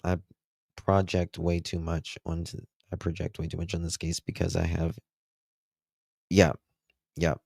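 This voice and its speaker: A deep-voiced man with a gravelly edge hosts a true crime livestream and talks emphatically to his chat. He speaks unhurriedly, and the sound is dry and close. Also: monotone, a little slow, pauses often, a little mellow, no echo. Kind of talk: casual livestream commentary.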